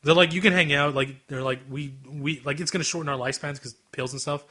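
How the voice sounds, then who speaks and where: Fast, bright-voiced young man retelling anime. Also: a little high. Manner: animated, acts out scenes in quoted voices. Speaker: podcast co-host. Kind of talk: casual anime chat.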